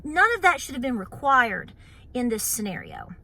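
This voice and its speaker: Bright-voiced Appalachian woman chatting. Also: a little high, wildly swooping pitch, moderate pace, gravelly. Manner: chatty, many fillers, playful mock voices. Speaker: homestead channel host. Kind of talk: casual chat to camera.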